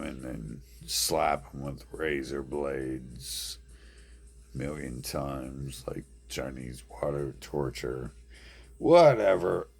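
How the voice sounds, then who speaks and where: A man ranting in a slow monologue to camera, mumbling and halting in a flat, deadpan delivery. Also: rumbling low, gravelly.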